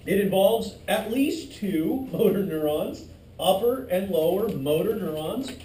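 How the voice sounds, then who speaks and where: A man's voice: high voice, warm tone. Man lecturing in an echoey classroom. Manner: loose, joking asides to students. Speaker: instructor. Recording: echoey classroom from far off, faint noise.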